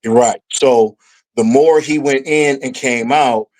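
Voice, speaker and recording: A middle-aged man talks as a guest on a casual podcast, telling a long personal story with lively energy. When he acts out his past self, his voice climbs higher. His pitch sits in the middle range for a man. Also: slow, poor audio.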